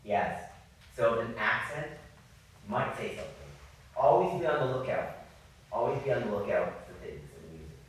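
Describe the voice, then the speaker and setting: Male music coach leading a masterclass, animated and apologetic, heard from a distant mic in a very echoey hall. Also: mid-range voice, moderate pace. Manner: apologetic, animated, demonstrating by singing. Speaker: viola masterclass teacher.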